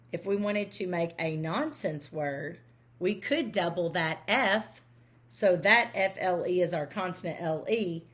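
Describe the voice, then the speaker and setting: Low-voiced woman teaching a phonics lesson. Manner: patient, explanatory, counting letters aloud slowly. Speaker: reading teacher.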